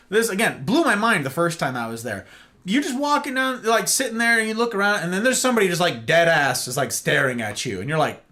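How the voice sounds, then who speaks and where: An American man hosting a livestream monologue, talking in an animated way and often checking in with "right?" and "okay?". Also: sits high, fairly quick. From United States. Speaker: host.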